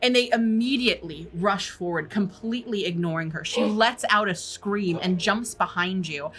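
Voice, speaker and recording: A woman's voice: medium pitch, moderate pace, a bit bright. A woman narrating as game master of a horror tabletop game, describing scenes with frequent fillers.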